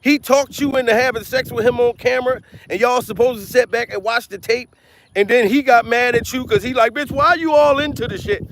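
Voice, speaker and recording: A man doing a loud, profane comedic commentary vlog, repeating himself and laughing between rants. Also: very high-pitched, fairly even intonation, fairly quick, slight background noise. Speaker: comedian vlogger. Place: outdoors.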